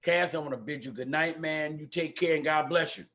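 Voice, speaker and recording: An older man hosting a community talk livestream, his voice sitting a little high for a man. He greets viewers by name and presses them to vote with a preacher's fervor. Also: a little fast. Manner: warm preacher-like exhortations. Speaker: host of a community talk show. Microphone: microphone at home.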